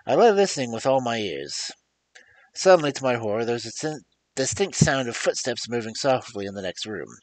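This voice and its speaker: A man reading a classic story aloud in an expressive storytelling style. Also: medium pitch, a little fast, dry recording, low-quality recording. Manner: lively expressive reading with rises and drops. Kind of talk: audiobook reading, dramatic storytelling.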